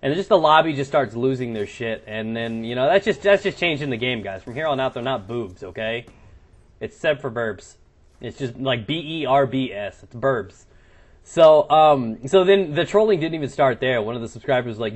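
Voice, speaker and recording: A man's voice: mid-range voice, expressive, moderate pace. Crude, rambling young gaming commentator, man. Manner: crude, joking and rambling, swears a lot. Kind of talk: casual gameplay commentary, story time.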